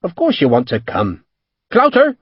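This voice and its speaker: A man reading a brisk Devon naval captain who talks fast and urgently, barking orders and brushing people aside. The voice leaps up and down, a bit husky, in a dull, dry studio read. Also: a little high, sing-song, dry recording. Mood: commanding. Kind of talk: audiobook character voice.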